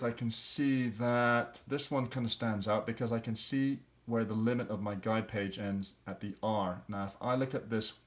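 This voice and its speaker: A man teaching, walking patiently through language exercises and thinking aloud as he works out each answer. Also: on the low side. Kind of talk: explaining language exercises step by step.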